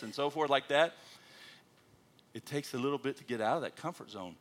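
Lively missionary preacher. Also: male voice, a little high, brisk. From United States. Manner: animated, folksy storytelling with self-deprecating humor. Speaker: missionary pastor. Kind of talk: sermon. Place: church.

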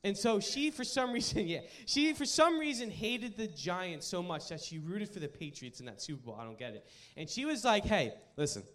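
High-voiced young preacher telling a story. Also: male voice, normal speed, hardly any pauses. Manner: animated, jokey storytelling to a live room. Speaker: youth pastor. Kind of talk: sermon with personal story. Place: live room with an audience.

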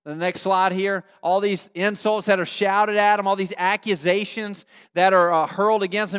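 A male pastor giving a sermon, telling a story with animated energy and checking in with his congregation through questions. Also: high-pitched, normal speed, hardly any pauses, clean tone. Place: church. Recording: long reverb of a large hall.

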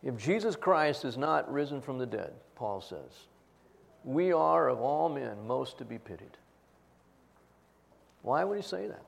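A man's voice: mid-range voice, sing-song, unhurried, vocal fry, pauses often. A man pastor preaching an earnest Easter-style sermon, telling a personal story and acting out its quotes.

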